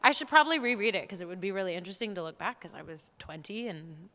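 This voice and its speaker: A young adult woman, an actor on a panel, telling candid stories in a lively, frank, self-deprecating way. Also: lowish voice, fast. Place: theater hall at a live talk. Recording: long reverb of a hall.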